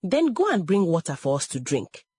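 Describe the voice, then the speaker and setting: A woman's voice: on the low side, huge pitch swings, moderate pace, husky, dry recording, exaggerated voice. Bitter scolding mother, as a woman reads her. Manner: sharp, scolding. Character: bitter, harsh village mother, middle-aged woman.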